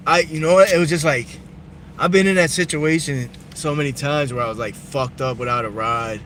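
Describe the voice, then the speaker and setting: Young guy on a stream in his car, voice kinda high, road noise faint behind, cussing a lot. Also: fairly quick, a bit bright. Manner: loose, profane storytelling. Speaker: livestreamer. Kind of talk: casual live-stream chat while driving. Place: inside a car at night.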